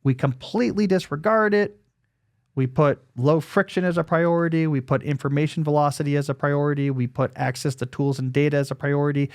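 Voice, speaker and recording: A man's voice: a little high, fairly even intonation, a little fast, a little mellow, dry recording. Man hosting an advice podcast, dry sound. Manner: explanatory, thinking aloud. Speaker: podcast host.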